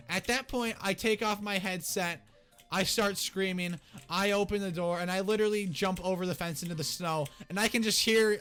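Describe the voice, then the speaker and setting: Young male vlogger, high voice, excitable rambling storyteller, faint music underneath. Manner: excitable, rambling, restarts often. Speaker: YouTuber. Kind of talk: casual storytime.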